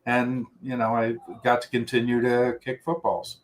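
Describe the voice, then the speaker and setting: A middle-aged man of ordinary, mid-range pitch telling long stories as an interview guest. He rambles, restarts sentences and jumps around between memories. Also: monotone, moderate pace. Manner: rambling storyteller with many restarts and quoted voices. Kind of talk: reminiscing interview talk.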